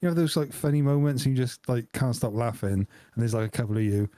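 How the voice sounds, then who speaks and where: A man's voice: mid-range voice, fast, mellow, no echo, clean studio sound. A man co-hosting a podcast, chatting casually and telling rambling, laughing stories full of "like". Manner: rambling, laughing storyteller, says "like" a lot. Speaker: podcast co-host. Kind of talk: casual chat.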